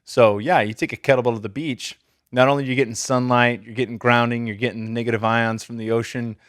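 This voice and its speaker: A man's voice: mid-range voice, flat delivery, quick pace, a bit bright, dry recording, clean studio sound. A man hosting a podcast, chatting loosely and swearing casually while asking his guest questions. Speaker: podcast host.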